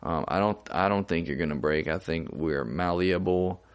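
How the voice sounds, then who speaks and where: A man's voice: deep voice, moderate pace, clear, resonant tone. A young man in casual podcast chat, laid-back and musing, often trailing off and restarting. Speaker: podcast co-host.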